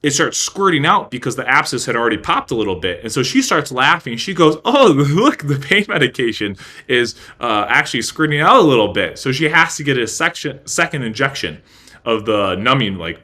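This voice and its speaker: Man, casual storyteller, bright forceful tone, profane and blunt, mid pitch. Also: very animated, fairly quick. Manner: blunt and profane, acts out his own reactions. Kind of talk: casual personal anecdote.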